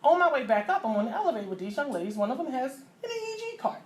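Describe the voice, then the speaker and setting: Lively middle-aged woman telling a story. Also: high-pitched, very fast, a little hiss or hum. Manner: lively, acts out voices and sound effects, loud bursts. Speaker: mother telling a personal story. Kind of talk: animated storytelling to an audience.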